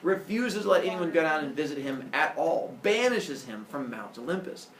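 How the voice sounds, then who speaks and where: A man teaching a class, telling myths in a jokey, animated way. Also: a little high, moderate pace, slight background noise. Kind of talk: classroom lecture, storytelling. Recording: roomy echo, distant mic.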